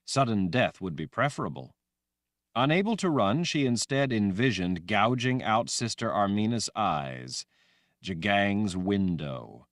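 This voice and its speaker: A man reading a fantasy audiobook aloud in a dramatic, expressive way. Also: on the low side, measured pace, no echo, studio quality. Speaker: audiobook narrator. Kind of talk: scripted fantasy audiobook narration.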